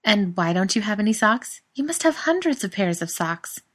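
A dry-witted wife teasing her husband with wry questions, as a woman reading a story puts her on. Her lines lift higher and come out more forcefully than the surrounding narration. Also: sing-song, moderate pace. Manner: teasing, wry, raised brighter delivery.

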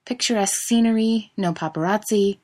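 A woman's voice: fairly quick, close to an everyday voice. A woman reading a story and voicing a theatrical young man who complains dramatically, in a raised voice. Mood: defensive. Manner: exaggerated complaining, higher and louder.

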